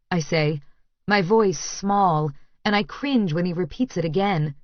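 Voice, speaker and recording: A woman's voice: lowish voice, unhurried, dry recording. Woman narrating a tense first-person audiobook. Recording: dry, slightly muffled studio recording.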